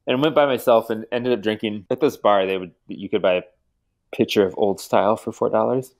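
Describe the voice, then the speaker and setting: A man's voice: lowish voice, fairly even intonation, brisk. A man telling self-mocking anecdotes as a podcast guest, in casual chat and often laughing. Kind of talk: casual storytelling.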